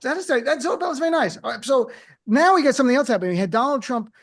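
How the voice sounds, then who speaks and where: Brief: male talk-radio host, high voice, playful and teasing. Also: rapid-fire. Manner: animated, teasing, acts out quotes. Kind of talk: comedic panel chat. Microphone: studio mic.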